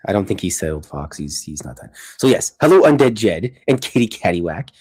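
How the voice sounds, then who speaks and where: Very animated and brisk, this man's low voice is a little mellow and slightly rough. He's a streamer host drawing in his home art studio during a casual livestream, chatty and rambling, often breaking off before finishing a sentence.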